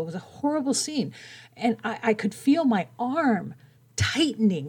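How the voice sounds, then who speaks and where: A middle-aged woman hosting a podcast, telling an emotional personal story with earnest feeling and acting out the quoted shouts. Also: lowish voice. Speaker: podcast host.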